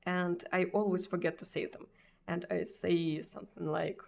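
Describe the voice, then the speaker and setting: Woman, russian accent, casual stream chat, hesitant, laughs a lot, a little gravelly. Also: on the low side, steady tone, a little mellow. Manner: hesitant, halting, with frequent pauses and restarts; laughs often between sentences.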